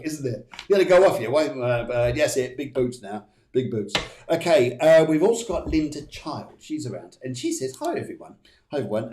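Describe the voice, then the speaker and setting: A man's voice: mid-range voice, mellow, roomy sound. A man hosting a live stream as a psychic medium, giving card readings to viewers in a chatty, rambling way with many fillers and restarts.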